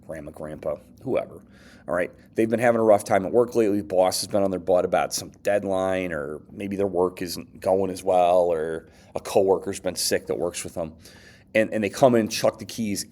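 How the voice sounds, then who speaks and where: Low-voiced male teacher, casual lecture. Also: a little mellow. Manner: conversational, frequent okays and restarts, acts out quoted lines.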